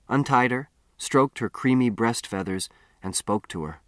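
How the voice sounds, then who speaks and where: A man reading a novel aloud as an audiobook narrator, in a measured first-person storytelling manner. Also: medium pitch, fairly bright tone, no echo, studio quality. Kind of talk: scripted narration.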